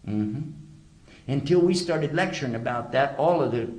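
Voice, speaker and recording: A man's voice: mid-range voice, animated, moderate pace, darkish tone. Man lecturing emphatically in an echoey hall. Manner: emphatic, rhetorical questions to the audience. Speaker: lecturer on religion. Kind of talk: religious lecture to a live audience.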